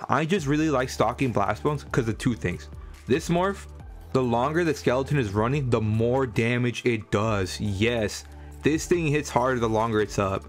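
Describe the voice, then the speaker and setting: Chatty guy walking through a game build, excited, chuckles a lot, medium pitch, faint music behind. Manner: enthusiastic, chatty, chuckling often. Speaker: gaming content creator. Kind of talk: casual game build guide voice-over.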